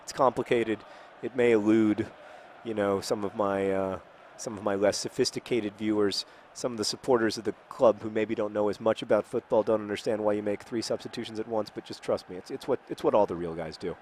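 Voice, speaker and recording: A man's voice: on the low side, fairly even intonation, fairly quick, darkish tone, a little hiss or hum. A man in his thirties rambling in casual chat while playing a football video game, self-mocking with sudden frustrated outbursts.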